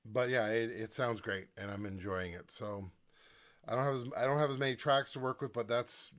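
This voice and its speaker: A man's voice: medium pitch, normal speed, a bit bright. A man talking casually in a home recording vlog, thinking aloud as he demonstrates his gear at his desk.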